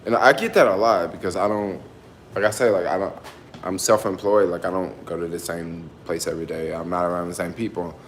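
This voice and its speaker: A man with a softened Black Southern American accent chats to his viewers in a casual livestream from home. He rambles in relaxed slang, circles back on his thoughts and keeps closing his lines with "yo.". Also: low voice, a little fast, roomy sound, slight background noise. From American South, family in Tennessee. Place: home in San Francisco.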